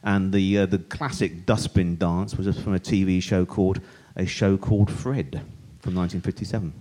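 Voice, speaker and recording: A man's voice: sits low, fairly even intonation, moderate pace, mellow. A man co-hosting a live podcast show on stage, chatty and jokey with filler words. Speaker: co-host. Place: stage before a live audience.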